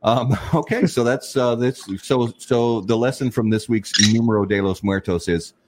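A man's voice: mid-range voice, moderate pace, a little mellow, slight background noise. A man hosting a casual podcast chat, joking and sarcastic as he asks questions. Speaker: podcast host.

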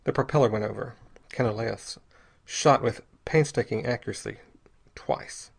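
A man narrating an audiobook chapter in a steady, even reading voice. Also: medium pitch, moderate pace, vocal fry, husky. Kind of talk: scripted narration.

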